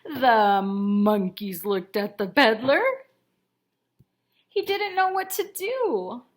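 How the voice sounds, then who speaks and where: A woman's voice: fairly high pitch, lively intonation, slow pace. A woman reading a picture book aloud to children, asking them questions and having them join in. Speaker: storyteller for children.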